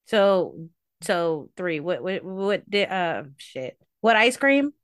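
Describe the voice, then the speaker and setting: A woman co-hosting a casual podcast chat, blunt and teasing, quick to cut others off. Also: fairly low pitch, big pitch swings, clear, resonant tone, no room sound, clean studio sound. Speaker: podcast co-host.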